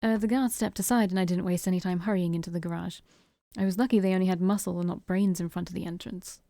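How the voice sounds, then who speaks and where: Woman streamer narrating a visual novel: steady, mellow, dry close mic. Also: fairly low pitch, quick pace, dry recording. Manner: steady narration with small stumbles. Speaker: let's-play streamer. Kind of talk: reading a visual novel aloud.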